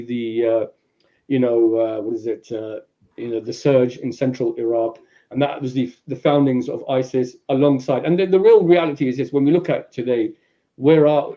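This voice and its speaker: A man with a London accent explaining at length on a podcast, acting out quoted people in raised, animated voices. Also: medium pitch, lo-fi sound. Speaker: guest speaker. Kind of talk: podcast discussion, lecturing.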